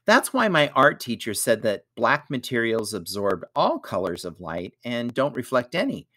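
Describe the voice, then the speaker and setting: A man's voice: medium pitch, very animated, normal speed, dry recording. A man voicing a clever young girl who confidently answers questions. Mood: bright. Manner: bright, confident.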